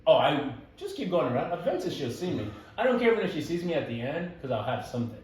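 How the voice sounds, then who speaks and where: A young man telling stories in casual conversation, animated and laughing as he goes, with many fillers like "like" and "dude.". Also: a little high, fast. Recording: echoey room, voice from some distance.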